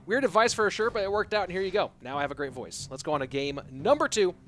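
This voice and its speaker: A man's voice: sits high, expressive, fast talker, noisy background. A young man casting a live esports match, joking around and answering viewer questions between plays. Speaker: esports caster. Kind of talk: live game commentary and reading chat.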